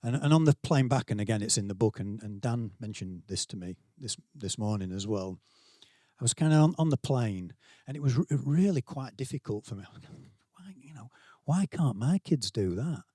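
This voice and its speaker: A man's voice: mid-range voice, expressive, a little fast, mellow, no room sound, clean studio sound. A middle-aged man with a Yorkshire accent giving a conference talk to staff, conversational and self-deprecating, acting out quotes as he tells stories. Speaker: keynote speaker, school leader. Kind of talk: conference talk, anecdotal storytelling. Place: conference venue, speaking to staff.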